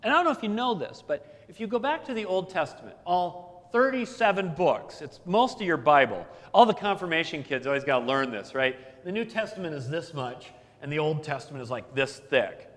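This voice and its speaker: A man preaching a sermon as the pastor, telling stories in a relaxed, conversational way with asides. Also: on the high side, brisk, in a large hall.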